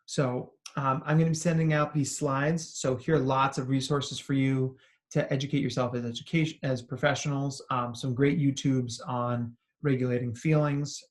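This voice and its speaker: A psychologist presenting a recorded talk to educators, telling stories in an earnest, conversational way and often adding "right?". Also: male voice, mid-range voice. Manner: earnest and encouraging. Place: remote talk, not in person.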